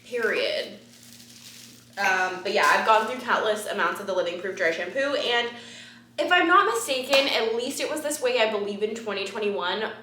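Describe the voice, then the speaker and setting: Bright-voiced chatty young woman, roomy. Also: mid-range voice, lively intonation, moderate pace, a little hiss or hum. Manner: chatty and rambling, with frequent ums and casual swearing. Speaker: beauty vlogger. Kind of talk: casual haul chat to camera. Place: apartment living room. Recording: roomy echoey room.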